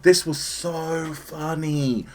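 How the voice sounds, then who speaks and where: Speaking very slowly in a fairly high voice, a man gives an animated, chatty review of an anime episode, full of enthusiasm and now and then voicing the characters' lines himself.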